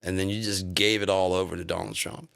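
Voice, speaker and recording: A man's voice: low voice, level tone, fairly quick, vocal fry, a bit bright. Swearing man ranting on a live stream. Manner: profane, heated and insulting. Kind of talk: angry political rant on a live stream.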